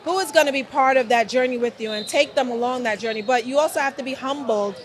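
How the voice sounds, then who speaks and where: A middle-aged woman talking in a casual interview, animated, often saying "right?" and "absolutely". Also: high-pitched, fast, a little hiss or hum. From United States. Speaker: guest.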